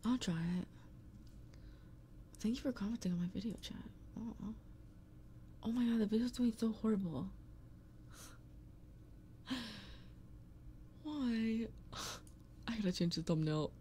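Woman, livestreamer, casual chat, mellow tone, blunt, frequent swearing, home streaming mic. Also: fairly high pitch, moderate pace, slight background noise. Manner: blunt, swears a lot, playful grumbling. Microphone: streaming microphone.

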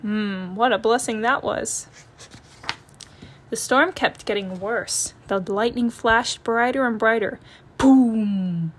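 A woman narrating a children's picture book read-aloud in a gentle, expressive storytelling manner. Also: a little high, slow pace, a little hiss or hum.

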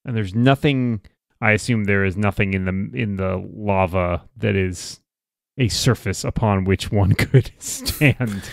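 A man's voice: lowish voice, unhurried, creaky, no echo. A man playing a tabletop game, musing aloud with an amused manner. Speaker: player. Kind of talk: casual game play chat.

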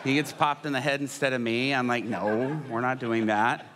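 A middle-aged male pastor telling a story from the pulpit in an animated way, acting out the people in it. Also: mid-range voice, moderate pace, background noise. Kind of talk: sermon storytelling. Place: large church hall. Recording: church hall reverb.

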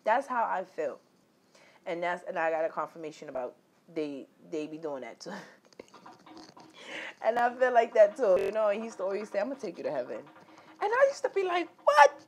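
A woman vlogging a candid personal story, animated and profane, leaping into high exclaimed quotes and talking straight to her viewers. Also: fairly quick, long pauses, husky. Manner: repetitive filler-heavy talk addressing viewers directly.

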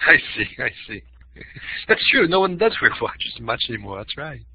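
Man, webinar presenter, husky, emphatic; dry, lo-fi audio. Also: mid-range voice, normal speed, no room sound. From Boston. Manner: expressive, uses voice for emphasis. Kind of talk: webinar teaching talk.

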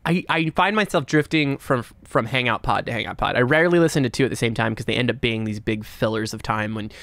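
A man's voice: mid-range voice, quick pace, a bit bright, dry recording. A man co-hosting a casual podcast, joking and trailing off mid-sentence. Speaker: podcast co-host.

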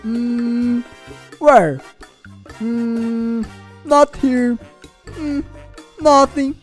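A woman voicing a cheerful, boastful young hero in a fan-made game video, excited and playful. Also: on the high side, extremely slow, faint music behind.

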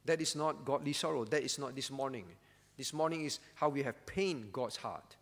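A man's voice: mid-range voice, normal speed. Earnest male pastor preaching in reverb. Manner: earnest, pleading preaching that drops to soft tones. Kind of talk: sermon. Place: church.

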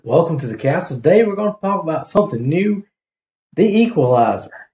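A man's voice: fairly high pitch, big pitch swings, brisk, darkish tone. A man hosting a casual video review, rambling with hesitant fillers and frequent laughter. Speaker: YouTube reviewer host. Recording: echoey room.

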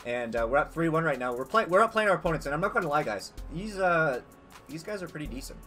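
Excitable young man commenting on gameplay. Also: fairly high pitch, fast, soft background music. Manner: excitable, swears, yells at big plays. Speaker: gaming youtuber.

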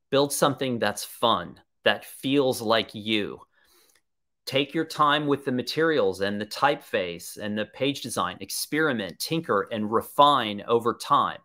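A man with a mid-range, slightly bright voice presents a live webinar. He speaks enthusiastically and conversationally, thinking aloud as he answers viewer questions.

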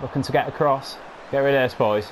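A young man giving casual, sweary commentary on his football game, calling viewers "boys" and shouting when goals go in. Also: medium pitch, fast. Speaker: gaming commentator.

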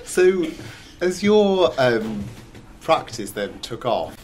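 A man interviewing a guest, asking hesitant, halting questions full of ums. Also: mid-range voice, big pitch swings, a crowd in the background. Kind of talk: podcast interview.

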